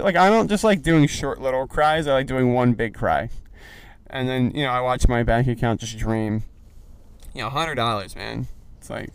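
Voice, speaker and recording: A man's voice: mid-range voice, slight background noise. A young man hosting a casual solo podcast, rambling through stories with lots of fillers. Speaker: podcast host. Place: in a car on the road.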